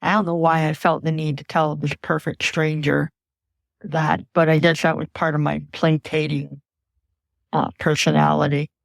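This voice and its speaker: A woman earnestly recounting a frightening personal memory as a podcast guest, in a measured storytelling voice. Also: sits low, little pitch movement, creaky, no room sound.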